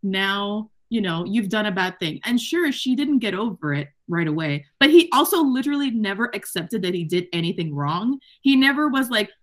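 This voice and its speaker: A woman leads a loose book-club conversation, cursing often and slipping into mocking quoted voices of the characters. Her voice sits at a middling pitch. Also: animated, moderate pace, hardly any pauses. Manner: profane, emphatic, mocks characters in quoted voices. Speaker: podcast host. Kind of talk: casual book-club chat.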